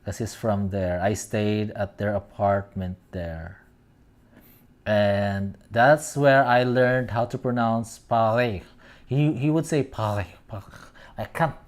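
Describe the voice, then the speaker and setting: A man's voice: fairly low pitch, takes it slowly. A man hosting a casual fan commentary show, reading out posts and rambling, often stopping to search for words. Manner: meandering, searching for words aloud. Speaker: host.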